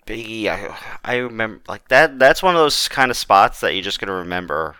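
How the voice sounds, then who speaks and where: A man's voice: fairly low pitch, lively intonation, a little fast, pushed and bright, smooth, no echo, studio quality. A man co-hosting a podcast, talking casually and thinking aloud with hedges. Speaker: podcast co-host. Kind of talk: casual wrestling chat.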